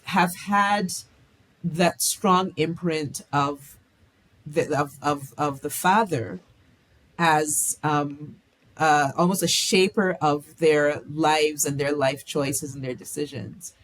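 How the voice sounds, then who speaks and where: A woman author being interviewed, answering in a reflective way and pausing to search for words. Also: deep voice, fairly even intonation. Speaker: author guest.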